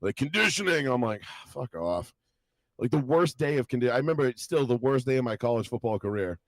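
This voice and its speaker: A young man co-hosting a podcast, rambling through stories in casual chat, swearing a lot and acting out what people said in lively voices. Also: medium pitch, fast, no room sound. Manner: rambling storytelling, heavy swearing, animated quoted voices. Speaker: podcast co-host.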